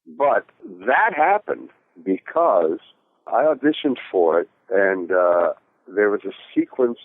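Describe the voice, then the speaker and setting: A man's voice: fairly low pitch, very animated, slow. A man, an actor being interviewed, telling a story in a rambling, casual way with plenty of fillers and restarts. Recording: tinny phone-like call audio.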